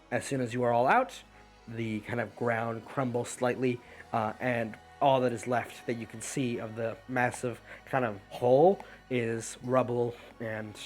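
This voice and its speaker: A man narrating a tabletop game as game master, in a relaxed, loose way with many fillers. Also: medium pitch.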